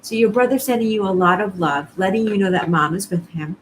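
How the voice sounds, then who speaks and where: A woman's voice: mid-range voice, brisk, slight background noise, low-quality recording. A woman psychic medium doing a live-streamed reading, talking to viewers in an earnest, reassuring way and often repeating herself.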